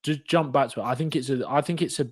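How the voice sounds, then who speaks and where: A man co-hosting a football podcast, talking in a relaxed, conversational way. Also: mid-range voice, fast talker. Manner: relaxed, conversational, says "like" often. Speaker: podcast co-host. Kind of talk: casual chat.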